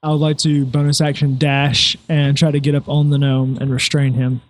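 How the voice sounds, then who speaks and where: A man's voice: fairly high pitch, normal speed. A man playing in a tabletop game, joking around and eager to attack. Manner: excitable, joking. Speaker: player. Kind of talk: casual tabletop banter.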